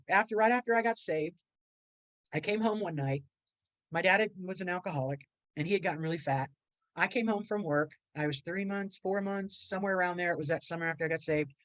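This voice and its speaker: A woman's voice: fairly low pitch, no room sound, low-quality recording. A middle-aged woman, a podcast guest and motivational speaker, telling a personal story in a rambling, earnest way and acting out the voices of people in it.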